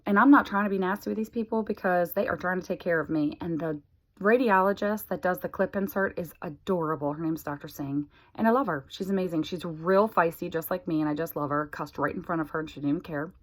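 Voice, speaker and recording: A woman's voice: lowish voice, quick pace. A woman in her forties talking candidly to the camera, chatty and exasperated. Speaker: vlogger sharing a health update. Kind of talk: casual chat to camera.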